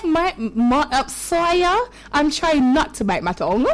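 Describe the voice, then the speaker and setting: A woman's voice: high voice, sing-song, measured pace, music in the background, poor audio. A woman hosting a children's call-in radio show, playful and laughing often as she greets listeners by name. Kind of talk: lively call-in radio chat for kids.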